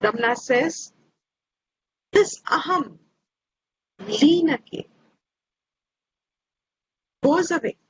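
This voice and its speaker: A woman teaching scripture slowly and reflectively, repeating her phrases, over a video call. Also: high-pitched, lively intonation. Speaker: Vedanta teacher. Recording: dull lo-fi audio with faint hiss.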